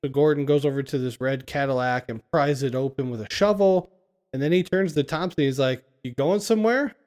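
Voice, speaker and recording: A man's voice: medium pitch, fairly even intonation, a little fast, a little mellow. A man casually recapping a film scene by scene on a podcast, laughing often as he retells it. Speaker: podcast co-host.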